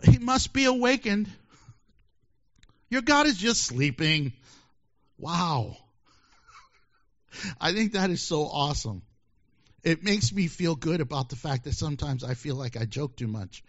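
A high-pitched male preacher delivers a sermon full of jokes, his voice leaping up and down as he acts out the scene. He laughs often between lines. The recording sounds dull and lo-fi. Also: sing-song, measured pace, long pauses, a bit bright. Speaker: pastor.

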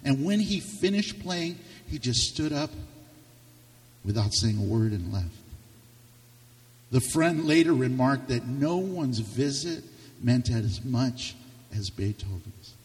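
A man preaching a sermon with passion, his voice swinging from loud to hushed. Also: medium pitch, animated, slow pace. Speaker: pastor. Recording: reverberant hall, distant mic.

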